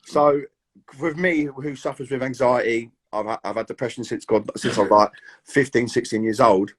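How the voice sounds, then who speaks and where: A British man in his thirties chatting as an actor guest in an interview, animated and full of acted-out quotes. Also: mid-range voice, moderate pace, breathy edge. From Britain. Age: 30s. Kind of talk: casual interview chat.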